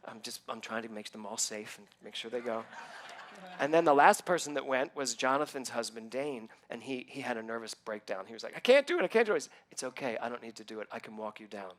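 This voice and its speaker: A middle-aged man, a minister, telling a personal story in a sermon, acting out what others said with lively ups and downs. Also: mid-range voice, brisk, a little hiss or hum. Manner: animated storytelling, acting out quoted voices.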